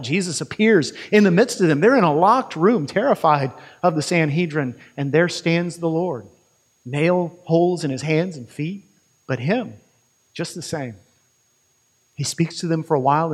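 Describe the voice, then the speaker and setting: Brief: male preacher, fairly high voice, vivid storytelling sermon. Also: big-room sound. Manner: vivid retelling with quick restarts.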